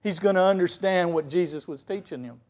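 A man preaching a sermon as pastor, telling the story vividly and swinging between loud stresses and quiet asides. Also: high-pitched, brisk.

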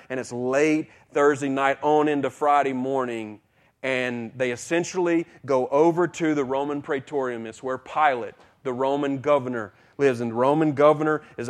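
A male pastor preaching a sermon, retelling a story with acted-out dialogue and repeated words as he builds intensity. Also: medium pitch.

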